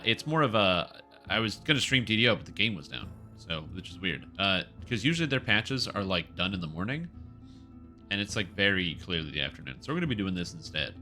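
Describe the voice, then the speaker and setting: A man's voice: on the low side, pushed and bright. A man streaming a video game, chatting casually and rambling through corrections as he plays. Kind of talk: casual gaming stream chat.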